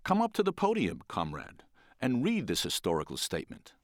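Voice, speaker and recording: A man's voice: mid-range voice, huge pitch swings, fairly quick, no room sound, clean studio sound. A man voicing a pompous dictator who grandly addresses a crowd in a joke he tells. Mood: grandiose.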